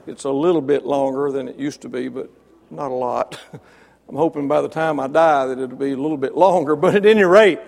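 A man preaching a sermon, building to loud emphatic peaks, then dropping low, with wry asides to listeners by name. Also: fairly quick, creaky. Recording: long reverb of a large hall.

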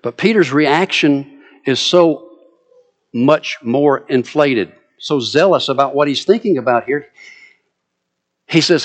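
A man with a Southern US accent preaching a sermon, acting out scripture quotes with lively, dramatic delivery. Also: medium pitch, slow, long pauses. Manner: animated, dramatic quoting of scripture.

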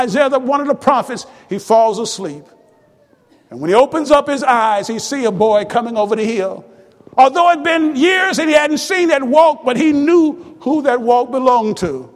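A man preaching a sermon with fervent repetition that rises to shouts. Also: extremely high pitch. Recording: long reverb of a large hall.

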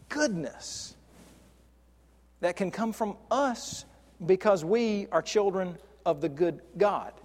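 Male preacher, conversational sermon, restarts, stretches key words; high-pitched, reverberant hall sound. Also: a little mellow. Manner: conversational, with frequent restarts and slow stressed words.

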